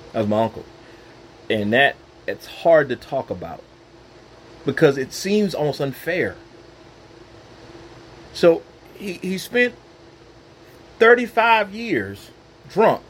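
An earnest man sharing a personal faith talk into his own microphone, his pitch swinging widely from line to line. His delivery is emphatic, and he circles back on phrases to drive them home. There is a faint hum of room ambience behind him. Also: fairly bright tone, rough recording. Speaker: Christian speaker.

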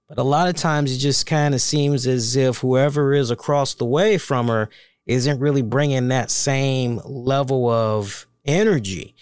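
A man's voice: mid-range voice, a little mellow, clear, resonant tone, dry recording. A man hosting a wrestling review show, talking casually and animatedly, swearing freely and addressing his listeners directly. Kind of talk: casual solo review talk.

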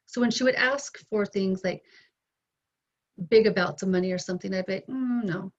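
A middle-aged woman telling her story as an interview guest, candid and animated, acting out both sides of past conversations. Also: medium pitch, fairly quick. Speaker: interview guest, bereaved mother. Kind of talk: emotional personal storytelling. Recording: dull lo-fi sound.

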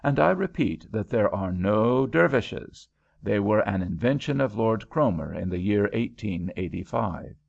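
A man voicing a confidential Frenchman who separates his syllables and speaks in a measured way. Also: fairly low pitch, expressive, vocal fry, heavily acted. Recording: dull lo-fi recording.

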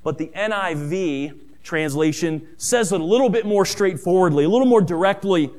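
A middle-aged man preaching a sermon who tells stories, calls his listeners family, and rises in pitch and volume on key points. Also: normal speed, a little mellow. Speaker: pastor.

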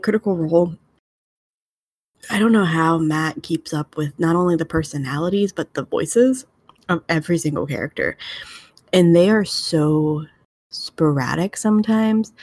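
A young woman talks in a relaxed podcast chat, rambling and filling her thoughts with fillers. Her voice sits low for a woman. The sound is close and dry, with no room echo. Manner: chatty, rambling with many fillers. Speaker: tabletop game master.

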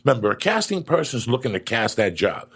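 A middle-aged man hosting a casual chat, a profane and animated storyteller with a gravelly, husky voice. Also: medium pitch, fast.

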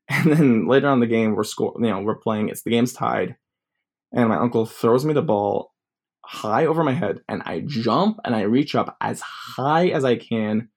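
A man's voice: medium pitch, measured pace. A man in his twenties telling a personal story casually, rambling with many fillers. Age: 20s.

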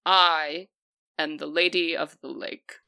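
An ancient lake spirit made of water speaks in measured, solemn questions, as a woman puts her on. The voice is low and slow, with a bright edge, and every word lands as a command. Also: little pitch movement, gravelly, smooth, full character voice.

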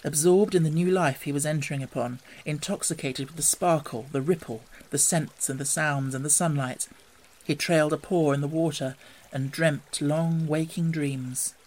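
A narrator reading a classic storybook in a calm, measured way, quieter and lower than the character voices.

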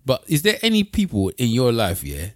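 A man's voice: mid-range voice, huge pitch swings, moderate pace, dry recording, studio quality. A man co-hosting a casual podcast chat, asking his friends questions and searching for his words. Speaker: podcast co-host.

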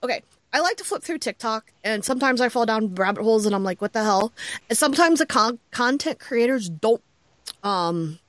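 A woman co-hosting a podcast from home, telling a story in a lively, exclaiming way and laughing often. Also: a little high, brisk, no room sound. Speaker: podcast co-host. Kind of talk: casual chat. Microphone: headset earphones.

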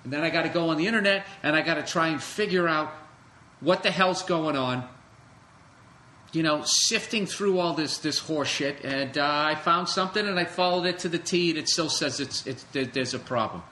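A man's voice: a little high, moderate pace, bright, forceful tone, slight background noise. A man hosting a podcast, ranting alone in a sarcastic, profane comedic way. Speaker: podcast host. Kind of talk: solo comedic rant.

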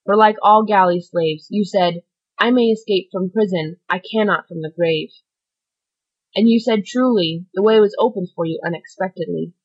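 A woman reading aloud plays a solemn male priest who lectures a dying sinner with grave, measured authority. The voice sits at a middling pitch, and the lo-fi recording sounds muffled. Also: slightly rough, natural voice. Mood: stern.

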